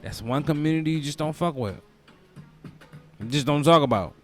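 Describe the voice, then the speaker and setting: A young man hosting a comedic podcast, ranting in a loose, profane way and bursting into loud mocking quotes. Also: on the high side, normal speed, faint music behind. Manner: profane, animated storytelling with loud mock quotes. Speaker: podcast host. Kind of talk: casual comedic podcast rant.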